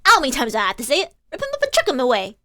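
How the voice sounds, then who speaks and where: A woman's voice: sits high, wildly swooping pitch, rapid-fire, pushed and bright, no room sound, clean studio sound, exaggerated voice. A woman voicing a tough, streetwise young female urchin who speaks bluntly and defiantly. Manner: brusque, defiant.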